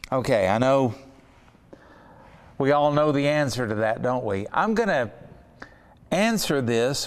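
Earnest male Bible teacher, smooth voice. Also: on the high side, long reverb tail. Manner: earnest, slows down to stress key words. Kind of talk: Bible study lesson.

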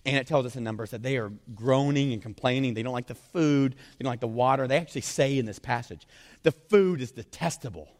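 Fast-talking pastor preaching in a hall. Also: male voice, medium pitch. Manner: animated storytelling with frequent "right?" asides. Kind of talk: sermon.

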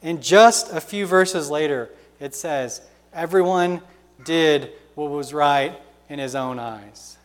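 High-voiced man preaching with fervor. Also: takes it slowly, long reverb tail. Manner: impassioned preaching, swinging from loud exhortation to hushed pleading. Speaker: pastor. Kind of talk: sermon.

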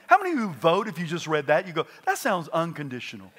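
A man preaching a sermon with lively delivery, dropping to quiet asides and rising to loud exclamations. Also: on the high side, fast. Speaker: pastor.

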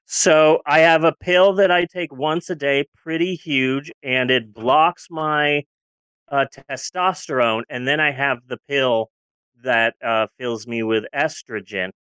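A woman's voice: a bass voice, takes it slowly, fairly bright tone, smooth, dry recording. A woman in her forties chatting candidly on a podcast, rambling a little and restarting her sentences. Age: 40s. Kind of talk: casual podcast chat.

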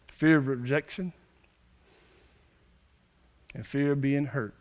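A man's voice: medium pitch, steady tone, slow pace, pauses often. A young male pastor, preaching a sermon with emphatic, repeated phrases. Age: young adult.

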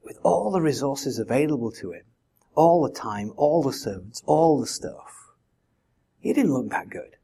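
A man's voice: medium pitch, animated, measured pace, warm tone, slightly rough. A man preaching a sermon in a conversational way, full of rhetorical questions. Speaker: pastor.

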